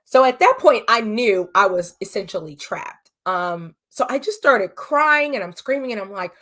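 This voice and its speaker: A woman's voice: medium pitch, lively intonation, moderate pace, hardly any pauses, pushed and bright. A woman from California, a podcast guest, telling her personal story in an earnest, emotional way and acting out what others said, in a podcast studio. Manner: earnest, emotional, quotes dialogue.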